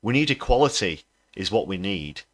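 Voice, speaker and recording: Brief: low-pitched male host, angry political commentary. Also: big pitch swings, normal speed. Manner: indignant, ranting. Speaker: livestream host.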